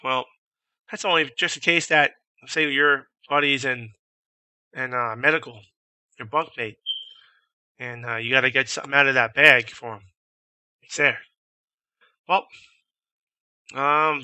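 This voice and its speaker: A young man casually telling a profane, animated story and mimicking shouted orders as a vlogger. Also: medium pitch, measured pace, long pauses, smooth, no room sound. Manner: profane, animated, imitates drill instructors shouting.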